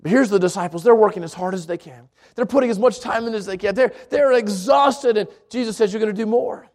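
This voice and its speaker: A man's voice: high-pitched, quick pace, a little mellow. A man preaching an earnest sermon as a pastor, often restarting and repeating words, rising to emphatic peaks.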